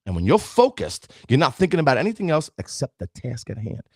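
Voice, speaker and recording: Middle-aged male podcast host, emphatic motivational talker, slightly raspy, dry booth. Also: mid-range voice, wildly swooping pitch, a little fast, no echo. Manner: preachy, emphatic, addresses listeners directly. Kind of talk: motivational talk.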